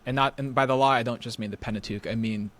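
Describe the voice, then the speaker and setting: A man guesting on a podcast explains ideas carefully in a conversational theological discussion, using many "you know" fillers. His mid-range voice is fast, fairly even in intonation, and a bit bright.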